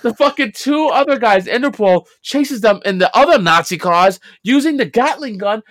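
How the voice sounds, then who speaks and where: A man's voice: high-pitched, animated, normal speed, fairly bright tone, no room sound. A young man co-hosting a casual podcast, picking apart a movie bluntly and swearing often. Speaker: podcast co-host. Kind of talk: casual movie-review chat.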